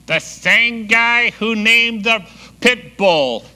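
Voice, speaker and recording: A man voicing a cheeky talking parrot in a joke, with a high, squawky delivery. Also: extremely slow, sharp tone, slight background noise, exaggerated voice.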